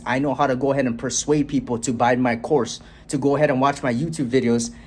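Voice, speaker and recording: A man's voice: medium pitch, a little hiss or hum. A young man ranting casually and bluntly to camera about communication, swearing often and tagging "right?" onto his sentences. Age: young adult. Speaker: motivational vlogger. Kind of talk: casual motivational rant to camera. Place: bedroom, then walking outdoors on a street.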